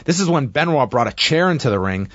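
A man casually recapping a wrestling match play by play, with steady narration and frequent fillers. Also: medium pitch, fast, dry recording, highs cut off.

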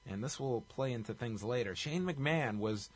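A man's voice: medium pitch, animated, normal speed, slightly rough. A man co-hosting a podcast, wryly recapping a show from his notes in clipped bursts. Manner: wry, running through notes in clipped bursts. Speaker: podcast co-host. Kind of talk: casual recap chat.

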